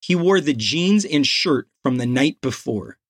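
Slow, husky male novel narrator. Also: medium pitch, lively intonation, no echo, clean studio sound. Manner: slow, measured reading with quoted dialogue. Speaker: audiobook narrator. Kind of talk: scripted narration of a crime novel.

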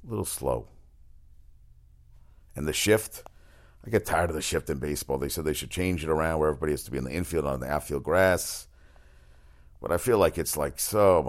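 A man's voice: a bass voice, gravelly. A man hosting a casual sports talk monologue, rambling and profane, often restarting his sentences. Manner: exasperated outbursts.

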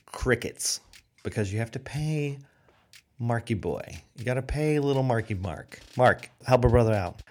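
A man hosting a podcast, rambling through an irreverent, jokey comedy rant. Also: fairly low pitch. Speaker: podcast host.

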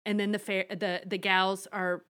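A woman's voice: medium pitch, little pitch movement, normal speed, fairly bright tone. Woman, podcast co-host, casual recap chatter, blunt and laughing. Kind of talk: casual chat recapping a period drama.

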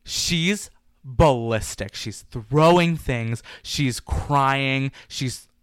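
A man co-hosting a casual podcast, retelling a story in an animated, gossipy way and slipping into quoted lines. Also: mid-range voice, drawn-out words, smooth, no room sound, studio quality. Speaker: podcast co-host.

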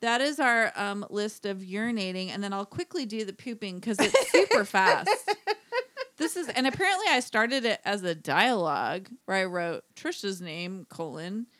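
A woman's voice: medium pitch, animated, normal speed, few pauses, fairly bright tone, no room sound. A woman in her thirties co-hosting a podcast, chatting playfully and laughing often. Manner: giggly, playful storytelling. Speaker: podcast co-host. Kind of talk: casual chat.

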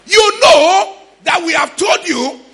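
A man with a Ghanaian accent preaching a sermon in church, shouting in a sing-song way with sudden high cries. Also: expressive, slow pace, creaky, a little hiss or hum. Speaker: pastor.

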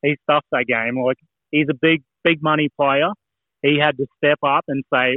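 Blunt bloke on a tinny line. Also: male voice, mid-range voice, steady tone, moderate pace, no echo. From New Zealand. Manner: blunt, chatty, matey. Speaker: podcast co-host. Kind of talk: casual sports chat. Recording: dry, tinny phone-like line.

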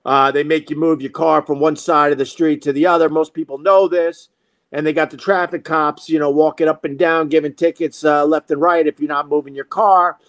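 A man's voice: fairly high pitch, steady tone, a little fast, a bit bright, no room sound. A man telling a comic story in a profane, self-mocking monologue as host.

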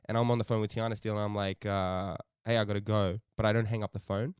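A man co-hosting a podcast, telling a story in animated, casual chat, swearing often and laughing a lot. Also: on the low side, fast talker, clear, resonant tone, dry recording, studio quality. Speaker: podcast co-host.

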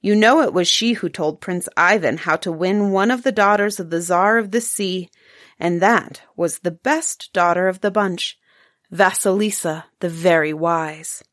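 A woman's voice: lowish voice, unhurried, fairly bright tone, no room sound, clean studio sound. Woman doing a kindly old grandfather. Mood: telling tales.

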